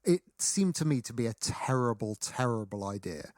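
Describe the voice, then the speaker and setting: Animated man, wry podcast co-host. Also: mid-range voice, normal speed, no room sound, clean studio sound. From Britain. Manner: wry, animated, acts out quoted scenes. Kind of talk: casual chat.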